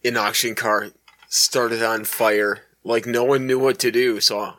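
A man co-hosting a casual podcast, telling a story in a deadpan way. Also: mid-range voice, a little slow. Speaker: podcast co-host. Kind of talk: casual chat.

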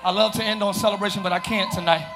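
A man preaching a live sermon as pastor, shouting and calling out to his congregation. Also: high voice, steady tone, racing, music in the background, a crowd in the background. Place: church sanctuary.

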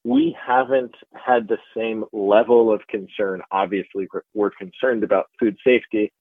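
A man's voice: lowish voice, no room sound. Man explaining over a phone line. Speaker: research institute director. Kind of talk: interview clip. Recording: phone-line interview audio.

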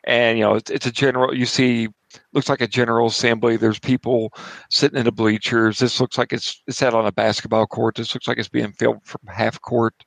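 A man narrating as game master of a tabletop horror game at home, casual and halting, restarting his sentences as he goes. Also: mid-range voice, level tone, creaky, no room sound, poor audio.

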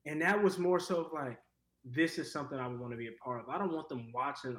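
A young actor from Cleveland talking casually in an interview, rambling with lots of fillers. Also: male voice, medium pitch, quick pace, reverberant, low-quality recording. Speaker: actor guest.

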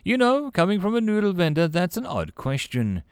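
A man's voice: high voice, huge pitch swings, moderate pace, a little mellow, clean tone, no room sound, studio quality, voice pushed up. A man voicing a wry, skeptical young woman in a sci-fi storybook reading, talking in a sardonic, incredulous way. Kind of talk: audiobook character voice.

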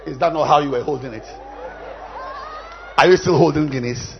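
A man, a bishop, preaching a sermon, shouting lines and leading the congregation in repeated call-and-response chants between quieter asides. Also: fairly high pitch, normal speed, in a large hall, lo-fi sound, some chatter behind.

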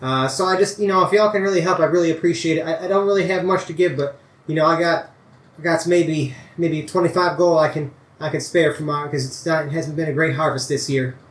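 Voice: mid-range voice, steady tone, a little fast, reverberant, pitched above the performer's own voice, natural voice. A game master voicing a poor, humble older male farmer with a bad leg, who talks in folksy rural grammar and stumbles over repeated words. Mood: pleading.

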